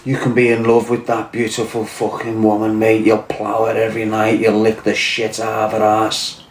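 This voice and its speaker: Speaking in a Scouse accent at normal speed, a man with a fairly low, monotone voice hosts a crude, casual livestream. He reads viewers' chat aloud and tells blunt, profane, swaggering stories, and the recording has roomy echo.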